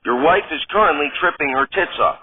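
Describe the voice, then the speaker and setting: A man voicing a scheming drug peddler with smooth, matter-of-fact sales patter. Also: fairly high pitch, animated, a little fast, a little hiss or hum, natural voice. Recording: tinny phone-like sound.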